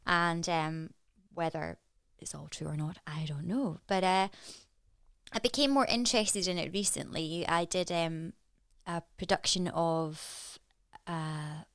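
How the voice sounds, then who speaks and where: A woman's voice: lowish voice, a little slow, clean tone, dry recording. Scottish woman telling a ghost story. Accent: Edinburgh Scottish. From Edinburgh, Scotland. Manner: lively, animated storyteller. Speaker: podcast guest, stage actress. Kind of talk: casual chat, storytelling.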